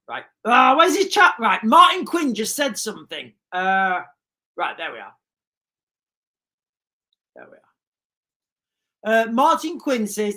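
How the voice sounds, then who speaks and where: A woman's voice: medium pitch, sharp tone. A woman hosting a livestream, reading viewer comments aloud and answering them in a sarcastic, emphatic way, often repeating her key lines. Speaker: livestream host.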